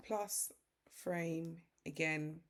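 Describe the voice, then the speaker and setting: A British woman hosting a software tutorial, casually explaining each step as she works through it on screen. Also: deep voice, steady tone, extremely slow. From Britain. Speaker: tutorial host.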